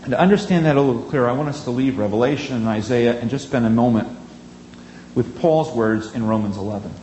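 Emphatic preacher in an echoey room. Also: male voice, medium pitch, dark tone, a little hiss or hum. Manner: earnest, emphatic, with dramatic pauses on key words. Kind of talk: sermon.

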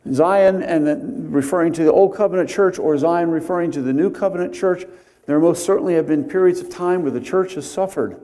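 A man preaching an expository sermon, deliberate and conversational, pausing to stress key words and drifting into homely asides. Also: on the high side, mellow.

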